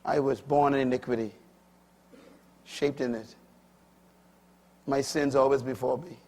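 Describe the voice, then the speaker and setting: Husky, emphatic older male preacher. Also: steady tone, measured pace. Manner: emphatic preaching with dramatic pitch swings between soft and loud. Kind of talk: sermon.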